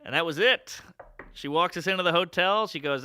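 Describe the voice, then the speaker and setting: A guest storyteller with a voice on the high side tells a funny story in casual chat at a moderate pace. He's animated and acts out the lines of the people he quotes.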